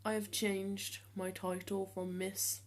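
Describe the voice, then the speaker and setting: His pitch barely moves as this seventeen-year-old vlogger talks casually to the camera, using a deliberately lowered, trained voice. He hesitates a lot, with frequent ums and restarts.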